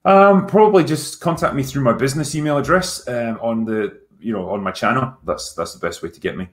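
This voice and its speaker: A Scottish man hosting a casual livestream Q&A as a film critic, relaxed and rambling with frequent ums and casual swearing. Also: mid-range voice, a little fast. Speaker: YouTube film critic and host.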